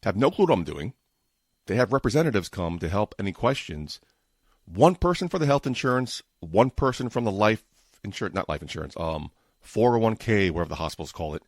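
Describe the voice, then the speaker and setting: Fast-talking New York man, low voice. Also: sing-song, no room sound, studio quality. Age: 40s. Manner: fast-talking, tends to mumble and trip over words; exasperated ranting. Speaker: podcast host. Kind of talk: casual solo podcast chat. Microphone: home podcast microphone setup.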